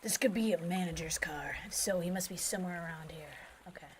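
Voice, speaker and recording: A young woman streaming a horror game, whispering game text softly and then chatting loudly and excitedly. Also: lowish voice, fairly quick, slight background noise. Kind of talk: live gameplay commentary.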